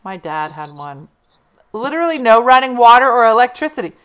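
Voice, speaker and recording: A woman's voice: on the high side, big pitch swings, fairly quick, a bit bright, clean tone. A woman hosting a casual live stream, chatting and reading viewer comments aloud. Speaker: livestream host.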